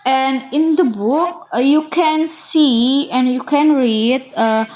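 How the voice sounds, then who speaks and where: A woman's voice: sits high, slow, darkish tone, muffled recording, a little hiss or hum. A young woman whose first language is Indonesian, a student presenter explaining a textbook lesson unhurriedly with frequent hesitations. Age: young adult. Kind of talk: reading out a study-guide analysis.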